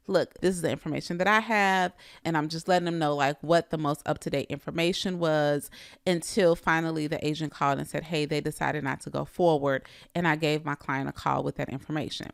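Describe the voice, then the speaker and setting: A woman coach talks straight to her audience in a low voice. Her tone has a gravelly edge, and the sound is dry, with no room echo. She keeps asking her listeners direct questions. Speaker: real estate coach. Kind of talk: coaching talk to agents.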